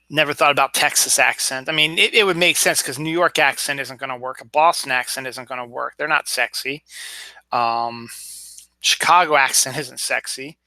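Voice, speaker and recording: A man's voice: mid-range voice, bright, forceful tone, no echo. A man hosting his own show alone at home, chatting casually through news items, rambling, with many fillers and restarts. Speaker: podcast host. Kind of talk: casual solo news chat.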